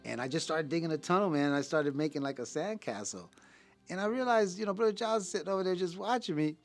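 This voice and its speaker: A man in his fifties from California gives a personal testimony as a ministry program graduate, talking in an earnest, casual way with slang and many halting repeated words. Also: a little high, faint music behind. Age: 50s.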